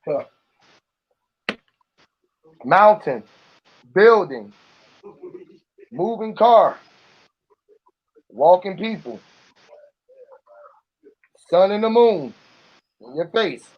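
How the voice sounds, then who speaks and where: A man's voice: high-pitched, expressive, extremely slow, pauses often. Profane, rambling man on a lo-fi recording. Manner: profane, musing, freewheeling. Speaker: vlogger. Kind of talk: casual rambling talk to camera.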